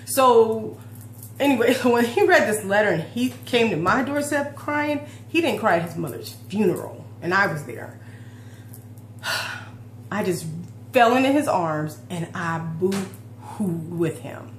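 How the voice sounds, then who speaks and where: Woman, 40s, fitness vlogger, earnest rambling confession, mid pitch, roomy sound. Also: expressive, a little slow. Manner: heartfelt, emotional, rambling with restarts. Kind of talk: personal confessional vlog talk. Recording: roomy echo with faint hum.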